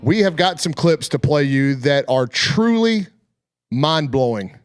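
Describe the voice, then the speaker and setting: A man's voice: a little high, lively intonation, unhurried, clear, resonant tone, dry recording, clean studio sound, faint music behind. A male radio host opening a sports talk show, chatty and emphatic.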